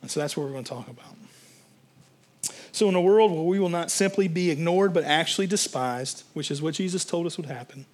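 Conversational male pastor, slightly high voice. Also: a little mellow. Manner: conversational, rambling with fillers and restarts. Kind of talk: sermon.

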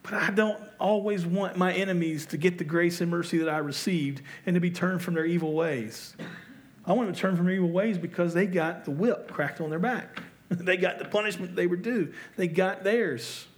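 A man's voice: sits high, normal speed. Conversational male pastor preaching. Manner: conversational, self-deprecating, asks the audience rhetorical questions. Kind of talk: sermon.

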